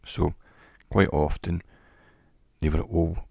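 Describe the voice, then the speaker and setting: A man giving an educational talk in a measured, reflective way, pausing often between phrases. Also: deep voice, fairly even intonation, gravelly, a little mellow, breathy edge, dry recording, studio quality. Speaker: teacher. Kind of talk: educational monologue.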